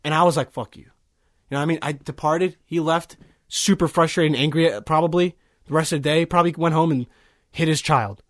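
A man with a notably high voice talks casually into a studio microphone. He rambles, swears freely and leans on filler words. He sounds like a young adult hosting his own podcast. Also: fairly quick, no room sound. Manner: rambling, profane, heavy with fillers. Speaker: podcast host. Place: small recording studio.

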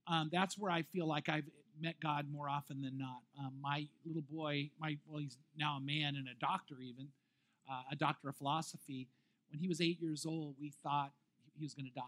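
High-voiced man preaching a story. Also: moderate pace. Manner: animated storyteller, restarts and self-deprecating laughs. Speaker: pastor. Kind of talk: sermon storytelling.

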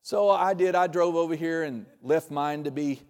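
Pastor, man, fairly high voice, chatty humorous sermon with loud bursts, long hall reverb. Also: normal speed, clear, resonant tone. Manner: conversational, joking preaching with sudden loud bursts.

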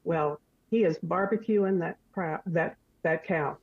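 An older woman, a retired school librarian, speaking in a measured, earnest way as a guest. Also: fairly low pitch, breathy edge, dry recording, narrow, tinny audio. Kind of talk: podcast interview.

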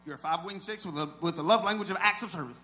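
A man preaching a sermon as a pastor, talking to the congregation in a conversational way, dropping to low asides and building to loud shouted peaks. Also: very fast.

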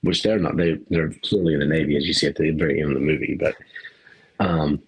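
A man's voice: rumbling low, steady tone, fast, husky, dull audio. A man co-hosting a podcast in casual chat, rambling, trailing off mid-thought and laughing often. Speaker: podcast co-host.

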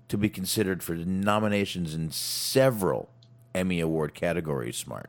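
Very deep-voiced man hosting a chat. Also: expressive. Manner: halting, restarts often, many fillers. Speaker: podcast host. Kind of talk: casual chat.

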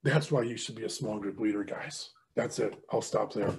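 A man's voice: on the low side, normal speed. A middle-aged man telling a faith story as a guest speaker, acting out both sides of each conversation. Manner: animated, acts out both sides of dialogue. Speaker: ministry leader and guest speaker. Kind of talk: storytelling testimony.

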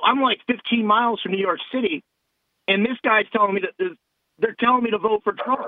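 A man's voice: on the high side, no room sound. A male podcast co-host talking politics casually, emphatic and rambling, on tinny phone-like audio.

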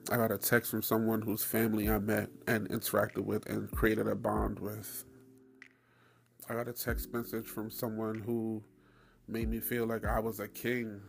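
A man hosting his own podcast, telling a story in a loose, profane, animated way with frequent laughs. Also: on the low side, normal speed, gravelly, faint music behind. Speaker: podcast host. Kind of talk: casual solo podcast monologue.

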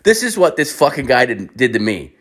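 A young man telling a long comic story in a profane, rambling, animated way. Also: medium pitch, a little fast.

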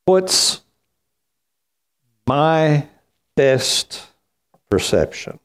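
A man delivers a sermon from the pulpit with slow, emphatic phrasing. His voice sits a little high and moves lively between high and low notes, pausing to let words land. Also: smooth. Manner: slow, emphatic preaching with wide swings in pitch. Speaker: pastor.

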